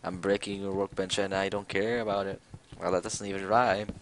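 A man's voice: sits low, level tone, fairly quick, background noise. A young man chatting and joking while playing a video game with a friend. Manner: joking, teasing, laughs often. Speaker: gaming commentator. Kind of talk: casual gameplay chat.

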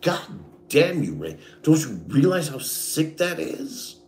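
A man in a bitter, swearing rant aimed at someone who is not there. His pitch swings widely from low mutters to sharp high jabs, and he keeps an unhurried pace. The room gives his voice a noticeable echo. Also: sing-song, slight background noise. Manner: profane, bitter, speaks straight at an absent person. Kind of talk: angry personal rant. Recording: echoey room.

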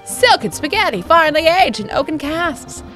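A woman voicing a loud, vain, boastful skeleton man from a video game, in a brash theatrical way. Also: sits high, very animated, moderate pace, soft background music, pitched above the performer's own voice, full character voice. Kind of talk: game dialogue read aloud in character.

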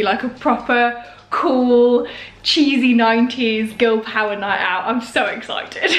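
A woman's voice: on the high side, slight background noise. Bubbly British woman vlogging. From United Kingdom. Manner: bubbly and gushing, with fillers. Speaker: lifestyle vlogger. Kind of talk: chatty vlog to camera.

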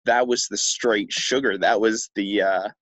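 A young man co-hosting a podcast in casual chat, talking in a slow, halting way with many restarts. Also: fairly low pitch, steady tone, a bit bright, no room sound. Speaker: podcast co-host.

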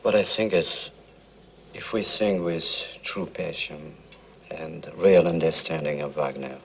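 A man's voice: very deep voice, slow pace, a little hiss or hum, exaggerated voice. An actor playing a playful, earnest male opera singer chatting over a meal. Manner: relaxed, earnest, teasing.

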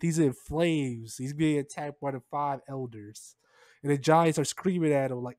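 A man's voice: a little high, normal speed, mellow, no room sound, studio quality. A man recapping and reacting to a comic chapter in a loose, slangy way, throwing in "man" and "bro" constantly. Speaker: manga chapter reviewer.

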